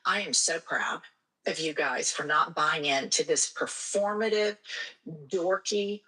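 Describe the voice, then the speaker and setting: Indignant woman, bright husky voice. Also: low-pitched, measured pace, low-quality recording. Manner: indignant, blunt, swearing. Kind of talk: opinionated political commentary.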